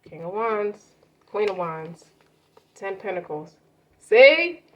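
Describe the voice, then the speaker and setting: A woman's voice: on the low side, steady tone, takes it slowly. Slangy woman doing a tarot reading. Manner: loose and swearing, slangy asides. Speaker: tarot reader. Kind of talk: casual tarot card reading. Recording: muffled lo-fi audio with faint noise.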